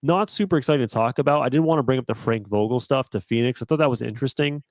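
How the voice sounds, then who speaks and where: A man's voice: medium pitch, rapid-fire, no echo. Laid-back man on a dry close mic. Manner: laid-back, chuckling, profane. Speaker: podcast co-host. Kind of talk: casual sports chat.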